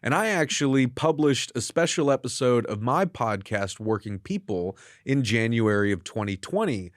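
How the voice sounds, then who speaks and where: A man hosting an interview from a studio, reading an earnest introduction and then asking measured questions. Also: mid-range voice, no room sound. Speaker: interview host. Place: radio studio.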